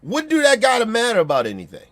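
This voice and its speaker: A man's voice: very high-pitched, huge pitch swings, fast, a bit bright. A man with a Baltimore accent giving a blunt, profane opinion rant, repeating himself and checking that listeners agree.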